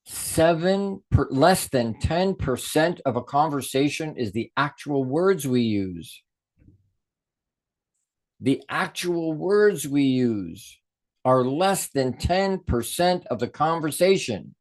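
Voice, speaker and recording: A middle-aged man giving an animated talk on communication, stressing words and restarting as he thinks aloud. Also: fairly high pitch, slow. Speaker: speaker on a podcast.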